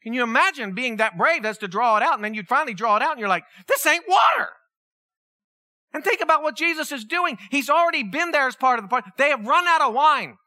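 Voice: high-pitched, animated, fast talker, hardly any pauses, pushed and bright, dry recording, studio quality. A preacher, giving a sermon, telling the story vividly and asking the listeners questions. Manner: storytelling, acts out the people in the story; asks the listeners many questions.

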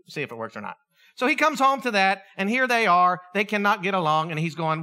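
A man's voice: high voice, a little fast. A middle-aged male pastor preaching a sermon, telling stories with animation and acting out the voices of the people in them. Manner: animated storytelling, acts out voices.

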